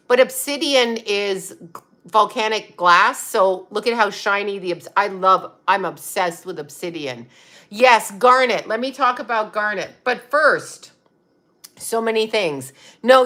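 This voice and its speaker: A woman's voice: on the high side, sharp tone. A middle-aged woman chatting casually on a livestream, laughing often and talking to viewers by name. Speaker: psychic medium and livestream host.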